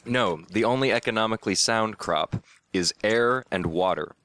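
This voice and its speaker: A man guesting on a casual podcast, explaining things in a deadpan, rambling way. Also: fairly low pitch, normal speed. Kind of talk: casual drunken chat.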